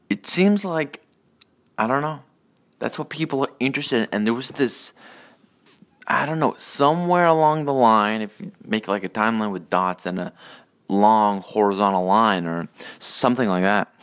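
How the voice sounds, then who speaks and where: A man's voice: medium pitch, expressive, normal speed, long pauses, a bit bright. A man hosting a casual solo rant podcast, rambling and profane with many hesitations. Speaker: podcast host.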